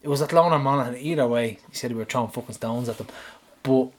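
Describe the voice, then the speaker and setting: A man's voice: medium pitch, quick pace. A man with an Irish accent, co-hosting a podcast in casual chat, telling stories with laughter. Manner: chatty, laughing storyteller. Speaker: podcast co-host.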